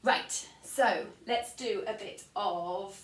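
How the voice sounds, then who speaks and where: English music teacher in an echoey room. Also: female voice, mid-range voice, takes it slowly, recorded from a distance. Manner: counts beats aloud and sings short rhymes. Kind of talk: recorded online music lesson for children.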